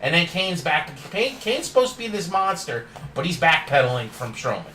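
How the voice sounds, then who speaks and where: Dude ranting over a wrestling recap, kinda high voice, roomy echo, faint hum behind. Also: male voice, very animated, moderate pace, bright, forceful tone, far from the mic. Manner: opinionated, ranting, laughs often. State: yawning and tired. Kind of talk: casual recap monologue.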